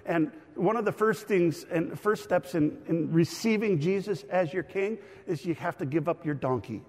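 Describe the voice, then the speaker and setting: Pastor, middle-aged man, energetic teaching sermon with bursts of emphasis; sits a bit high, long room reverb. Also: moderate pace. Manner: animated, shouts for emphasis, teaching aside.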